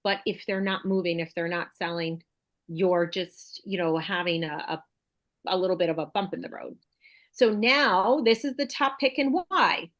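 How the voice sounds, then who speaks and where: A woman's voice: on the low side, moderate pace, fairly bright tone. Chatty enthusiastic woman broker. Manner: chatty and enthusiastic, thinks aloud. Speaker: real estate broker and host. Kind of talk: casual video call chat.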